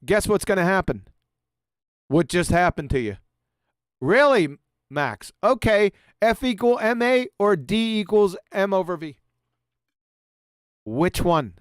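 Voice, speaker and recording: A man's voice: sits high, animated, takes it slowly, pauses often, clean tone, no room sound, clean studio sound. A man giving a mocking, profane presentation over slides, sarcastically addressing an absent author as he goes. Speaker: video presenter.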